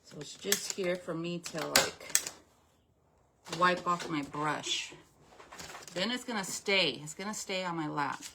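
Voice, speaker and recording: A woman's voice: lowish voice, slow pace, vocal fry, pauses often, very noisy. A woman hosting a live craft demonstration, chatting casually with viewers and greeting them by name, with a slightly stuffy nose. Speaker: craft livestream host.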